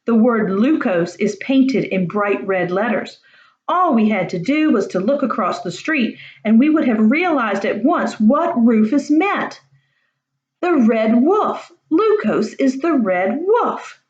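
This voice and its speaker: A woman reading the part of a clever Roman schoolboy, emphatic and deliberate. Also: on the high side, lively intonation, darkish tone. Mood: triumphant. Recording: roomy, dull lo-fi home recording.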